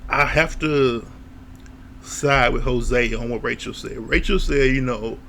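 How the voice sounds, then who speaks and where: A man giving a casual, opinionated recap of a reality show, blunt and quick to laugh or swear. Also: medium pitch, vocal fry, bright, forceful tone, a little hiss or hum.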